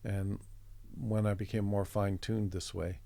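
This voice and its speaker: Canadian guy rambling thru a story, low gravelly voice, dry close sound. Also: level tone, normal speed, warm tone, no echo. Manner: reflective, meandering anecdotes with restarts. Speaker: interview guest, artist. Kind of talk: conversational storytelling.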